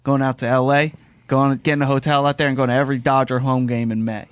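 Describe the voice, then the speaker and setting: A man doing a quick, loose Southern US accent as a big, chatty, baseball-obsessed Uber driver who rambles on with boasts. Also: mid-range voice, level tone, clean tone, dry recording, lightly acted. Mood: boastful. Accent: Southern US, put on.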